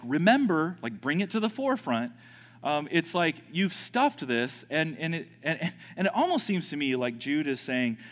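A man preaching a sermon, animated, often repeating words and acting out panicked voices. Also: fairly high pitch, long reverb tail. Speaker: pastor.

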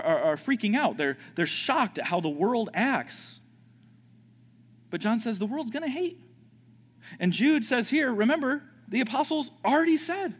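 Guy preaching a sermon, really animated, stumbles and repeats words, echoey church hall. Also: extremely high pitch. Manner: animated, repeats words, acts out panicked voices. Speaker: pastor.

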